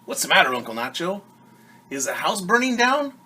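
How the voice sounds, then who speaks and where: A man's voice: sits high, sing-song, fairly quick, sharp tone, voice pushed up, exaggerated voice. A man voicing a cheerful young schoolgirl niece in a children's storybook read-aloud.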